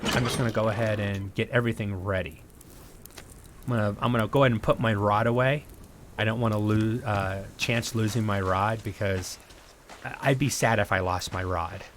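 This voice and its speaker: Relaxed man rambling over gameplay. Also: on the low side, normal speed, a little hiss or hum. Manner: relaxed, rambling, thinking aloud. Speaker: game streamer. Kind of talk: casual live-stream gameplay commentary.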